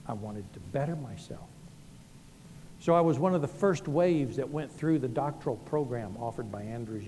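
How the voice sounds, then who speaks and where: A middle-aged Southern pastor preaches with a mellow, dark voice, telling homely stories that poke fun at himself. His words ring out with a long reverb in a large hall, and faint noise sits under them. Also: mid-range voice. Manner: folksy storytelling, self-deprecating. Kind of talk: sermon.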